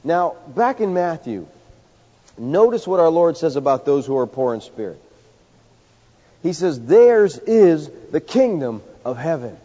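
A man preaching a sermon, emphatic, swinging from loud high peaks to low quiet lines. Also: big pitch swings, measured pace. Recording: dull sound with long hall reverb.

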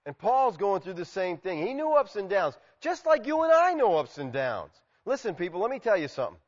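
Animated preacher man in an echoing hall. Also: high voice. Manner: animated, acts out quoted voices, shifts from loud exclamations to quiet asides. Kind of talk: expository sermon. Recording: muffled sound with long reverb.

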